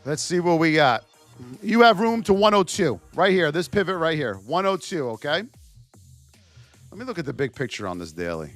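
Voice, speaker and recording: A man's voice: on the high side, very animated, moderate pace, soft background music. A man hosting a live stream, calling out stock price levels and joking energetically with his viewers. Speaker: trading educator. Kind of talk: live-stream market commentary.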